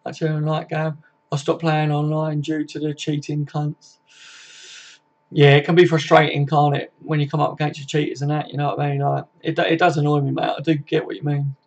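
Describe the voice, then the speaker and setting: A man's voice: a little high, completely flat delivery, fairly quick, lo-fi sound. A young man hosting a casual live stream, reading viewer comments aloud in a chatty, laddish way and swearing freely.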